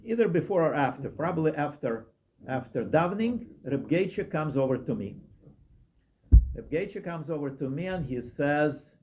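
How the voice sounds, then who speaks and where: A man with a Russian accent telling stories in a casual talk, halting often and searching for his words. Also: a little high, animated. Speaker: speaker telling personal stories. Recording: muffled recording with faint hiss.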